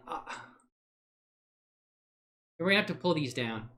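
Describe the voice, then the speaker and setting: Guy streaming at his desk mic, talks to himself while working, pitch jumps all over, laughs at his own jokes. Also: expressive, unhurried, pushed and bright. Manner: thinks aloud, rambling, self-mocking, laughs often. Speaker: livestream host. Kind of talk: casual livestream chat while working in software.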